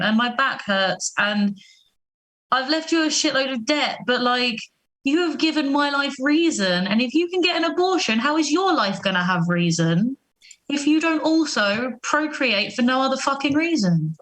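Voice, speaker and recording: A woman's voice: high voice, lively intonation, moderate pace, a bit bright. A woman playing a weary, foul-mouthed mum. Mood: weary ranting. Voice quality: world-weary, swearing. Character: jaded, crude middle-aged mother. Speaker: comedy panelist. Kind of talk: improvised comedy role-play.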